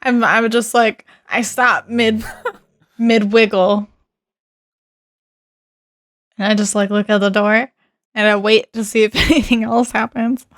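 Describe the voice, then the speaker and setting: A woman playing a tabletop role-playing game, describing her character's actions in a relaxed, giggly way. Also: medium pitch, measured pace, no room sound, clean studio sound. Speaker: player.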